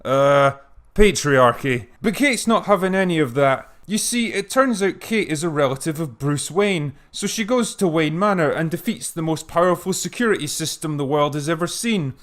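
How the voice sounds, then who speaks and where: A man's voice: on the high side, animated, moderate pace, fairly bright tone. A man delivering scripted narration in a dry, sarcastic manner.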